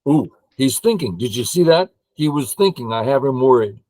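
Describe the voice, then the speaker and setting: An older man who teaches Go, playing a game and thinking aloud in an excitable way while humming and counting under his breath. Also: mid-range voice, moderate pace, no room sound, poor audio.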